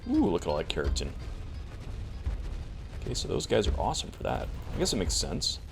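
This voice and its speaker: A man's voice: low-pitched, wildly swooping pitch, fairly quick, creaky. A man giving casual, chatty commentary while he plays a survival game, talking to himself as he goes. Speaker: gameplay video creator. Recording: music playing behind the voice.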